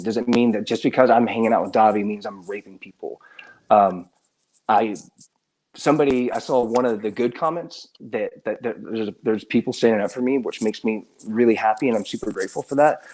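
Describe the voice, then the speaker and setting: A man speaking as a guest on a casual livestream, halting and filler-heavy, earnest and defensive. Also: on the low side, a little mellow.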